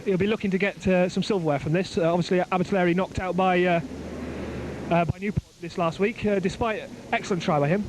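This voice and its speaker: A man commentates on a rugby match from the side of an outdoor ground, his voice sitting high. He gets excited as play builds and drops in joking asides. The amateur recording is full of outdoor and traffic noise. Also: fast.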